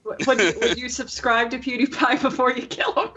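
Woman, high voice, from Ireland, casual podcast co-host, giggly, chatty. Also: fairly even intonation, noisy background. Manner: giggly, chatty, quick asides.

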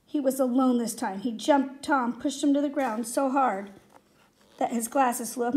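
A woman reading a children's story aloud in a steady, expressive way. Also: high voice, moderate pace. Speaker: reader.

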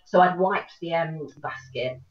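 A middle-aged woman, an actor, telling stories in an animated way over a video call. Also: sits low, measured pace. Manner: animated storytelling, laughs often. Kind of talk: casual chat. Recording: echoey distant dull call audio.

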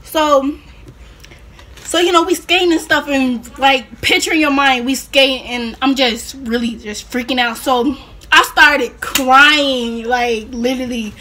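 A woman's voice: sits high, steady tone, a little slow, sharp tone, slight background noise. A young woman vlogger chatting casually through a rambling personal story, full of fillers and laughing asides.

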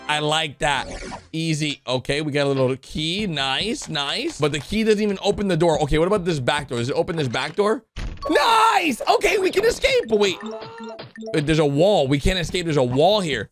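Excitable male commentator with a high, very lively voice, faint music behind. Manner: excitable, swinging from loud shouts to low mutters. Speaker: YouTube commentator. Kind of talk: excited commentary over animations.

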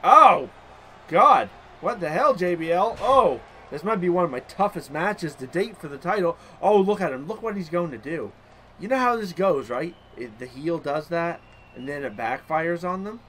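A young man hosting a gaming channel, giving excitable let's-play commentary with loud outbursts and mild swearing. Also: fairly high pitch, moderate pace, a little hiss or hum.

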